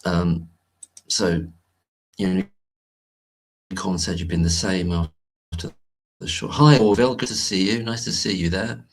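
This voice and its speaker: A man's voice: sits low, sing-song, unhurried, gravelly, long pauses. A man hosting a casual livestream from home, talking in a rambling, hesitant way with many restarts as he greets viewers in the chat. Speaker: livestream host. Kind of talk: casual live-stream chat.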